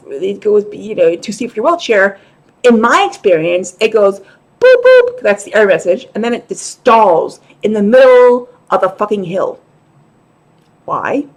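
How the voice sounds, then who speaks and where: A woman talking casually to camera as a vlogger, frank and a little profane, with laughing asides. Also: mid-range voice. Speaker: vlogger and show host.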